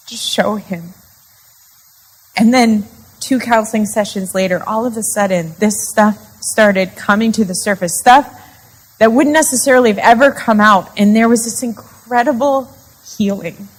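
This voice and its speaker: A woman's voice: medium pitch, rough recording. A woman with a mid-range voice talks openly to a live conference crowd about faith. Her delivery is chatty and confessional, peppered with "like". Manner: chatty and confessional, with frequent "like" fillers. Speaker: conference speaker and podcast co-host. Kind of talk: candid faith talk to a live audience. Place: live women's conference session.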